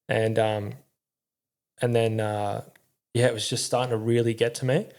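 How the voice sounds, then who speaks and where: Gravelly, swearing Australian man. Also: on the low side, level tone, normal speed, darkish tone. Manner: rambling, heavy swearing, slangy. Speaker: podcast guest, former army crew commander. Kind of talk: candid casual storytelling.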